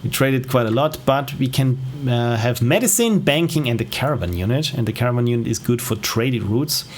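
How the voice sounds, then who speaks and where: A man giving relaxed, rambling gameplay commentary on a livestream, with self-deprecating asides. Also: mid-range voice, a little fast, a little hiss or hum. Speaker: game streamer.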